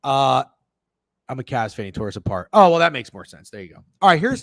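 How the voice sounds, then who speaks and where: A man's voice: mid-range voice, wildly swooping pitch, brisk, a bit bright, dry recording. A man hosting a sports betting show, ranting in casual, profane chat and answering messages from viewers. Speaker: sports betting podcast host.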